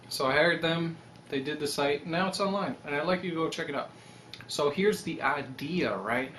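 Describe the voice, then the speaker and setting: A young man talking in a rambling, animated casual monologue, swearing freely and pitching his website idea. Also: normal speed, a little hiss or hum. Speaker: website creator.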